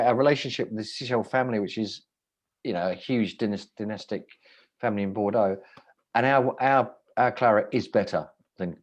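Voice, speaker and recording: Rambling, wry man, low voice. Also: darkish tone. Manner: rambling, self-interrupting, wry. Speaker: restaurant owner. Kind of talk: casual anecdotal chat.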